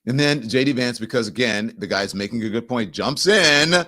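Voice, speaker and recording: A man hosting a show, giving animated, exasperated political commentary over news clips. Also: mid-range voice, normal speed. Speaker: show host.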